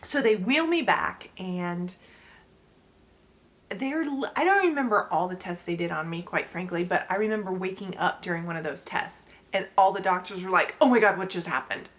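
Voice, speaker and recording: A woman's voice: on the low side, expressive, normal speed, a bit bright. Woman, forties, vlog host, casual storytelling, laughs often, talks to viewers. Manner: chatty, laughs often, speaks directly to viewers. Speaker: channel host sharing her story.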